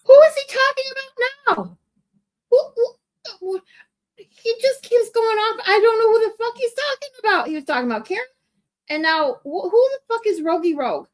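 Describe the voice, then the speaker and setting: A woman's voice: very high-pitched, expressive, moderate pace. A woman hosting a livestream who reacts to clips in a bewildered, exasperated way and swears in her asides. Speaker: livestream host. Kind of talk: casual reaction commentary.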